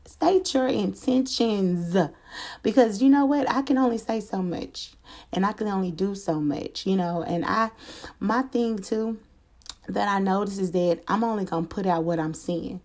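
Candid, slangy woman with a mellow voice. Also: mid-range voice, moderate pace. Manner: candid, slangy, swears freely, laughs often. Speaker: vlogger telling a personal story. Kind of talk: casual storytime chat.

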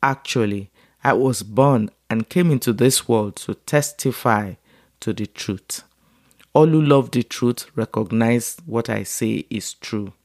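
A man reading as a calm, grave teacher. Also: mid-range voice, a little slow, dry recording, studio quality, lightly acted. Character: calm male teacher answering his accuser.

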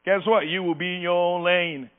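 An emphatic male pastor preaching with call-and-response. His voice sits a little high and comes through thin and phone-like, with a steady mains hum underneath. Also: moderate pace, smooth. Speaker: outgoing pastor. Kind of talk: sermon.

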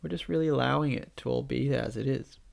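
A man with a blocked nose and a nasal voice, giving a gentle, reflective spiritual talk. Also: medium pitch, fast, creaky.

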